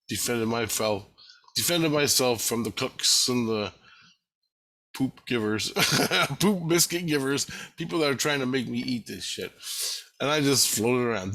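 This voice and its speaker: A man's voice: medium pitch, a little slow, fairly bright tone. A man telling a rambling, repetitive personal story, with frequent swearing.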